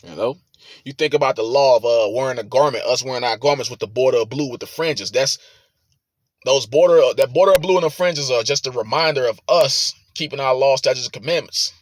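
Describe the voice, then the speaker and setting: A man reading scripture aloud with sermon commentary, forceful and profane, rising to loud emphatic reading. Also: mid-range voice, brisk, no room sound. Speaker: preacher.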